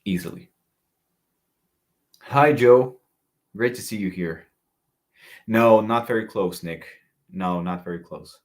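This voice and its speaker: Very low-voiced man reviewing fragrances. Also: slow pace, pauses often. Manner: chatty, reads live chat comments aloud. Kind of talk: casual livestream review.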